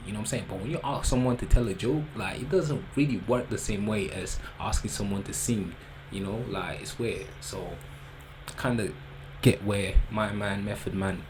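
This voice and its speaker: A man, hosting a reaction video in a loose, joking commentary with slang. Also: on the low side. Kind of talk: casual commentary. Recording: background noise.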